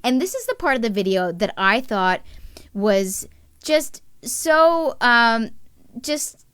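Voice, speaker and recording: Bubbly woman host, high voice, dry close sound, quick chatty delivery full of restarts. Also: clear, resonant tone, no echo. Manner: bubbly, excited, greets viewers by name. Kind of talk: live-stream variety show hosting.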